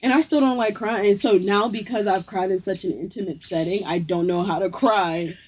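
A woman's voice: medium pitch, moderate pace, a little mellow, breathy edge. A woman, a guest on a casual podcast, speaking frankly, swearing freely and laughing as she tells her stories. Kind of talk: casual chat.

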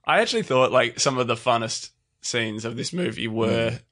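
A man's voice: mid-range voice, animated, moderate pace, a bit bright. A man co-hosting a casual film chat, talking in a rambling way full of "like"s. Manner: chatty, rambling with many "like"s. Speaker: podcast co-host. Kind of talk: casual chat about films.

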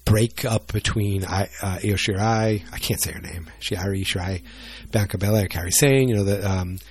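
Male vlogger, lowish voice, loose rambling delivery with self-mocking jokes. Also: moderate pace. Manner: rambling, joking, self-deprecating. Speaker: solo wrestling vlogger. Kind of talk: casual rambling chat.

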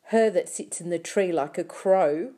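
A woman's voice: on the low side, unhurried, mellow. A woman reading an audiobook, voicing a scornful schoolboy who talks bluntly and mockingly. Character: scornful, rough-talking schoolboy.

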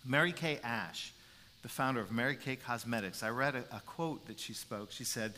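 Animated pastor preaching in a reverberant hall. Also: male voice, medium pitch, normal speed, slight background noise. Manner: animated, acts out quotes, repeats words. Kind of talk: sermon. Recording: long reverb in a large hall.

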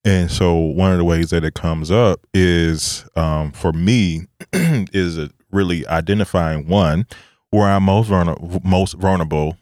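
Man, very low voice, podcast host, reflective, hesitant fillers, dry close sound. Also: a little slow, no echo. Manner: relaxed, reflective, many fillers and laughs. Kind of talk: casual chat.

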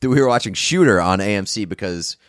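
Casting note: male host with a lowish voice, loose rambling talk, dry room. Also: quick pace, no echo. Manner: rambling, filler-heavy, relaxed swearing. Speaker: podcast host. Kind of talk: casual chat.

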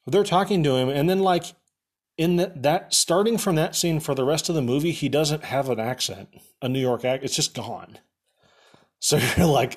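A man's voice: medium pitch, animated, moderate pace, husky. A young man casually recapping a movie for laughs, rambling with lots of fillers and sarcastic asides.

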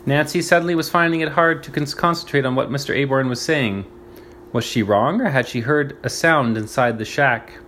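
Slow, careful man reading aloud. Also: medium pitch, a bit bright, slight background noise. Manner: slow and deliberate, stops to explain words. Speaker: reader.

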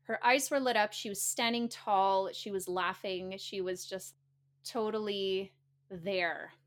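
Animated woman telling a story. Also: mid-range voice, slow pace. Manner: animated storytelling, laughs often; earnest, tends to repeat and restart phrases. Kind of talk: casual spoken talk to listeners.

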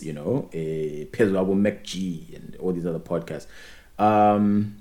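A young man co-hosting a podcast, chatting in an animated, opinionated way with many restarts. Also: sits low. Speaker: podcast co-host. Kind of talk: casual podcast chat.

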